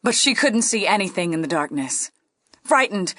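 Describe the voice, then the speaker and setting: A woman reading a ghost story aloud, playful and dipping into hushed whispers. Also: mid-range voice, animated, moderate pace, no echo, clean studio sound. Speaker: guest storyteller.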